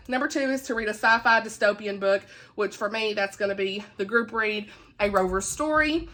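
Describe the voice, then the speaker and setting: Bright chatty Southern woman. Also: a little high. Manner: chatty and folksy, laughs often, says "y'all" and "honey". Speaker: book vlogger. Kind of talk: casual chat.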